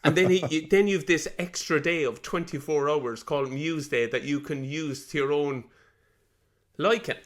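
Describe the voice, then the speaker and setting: A man's voice: a little high, normal speed. An Irish man in his forties co-hosting a podcast, telling stories in a casual, laughing way and mimicking old teammates. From Ireland. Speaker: podcast co-host. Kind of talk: casual chat.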